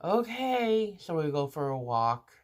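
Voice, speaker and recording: A woman's voice: a bass voice, lively intonation, slow. A woman vlogger telling a casual story in a chatty monologue, with restarts and asides, acting out the other people in it.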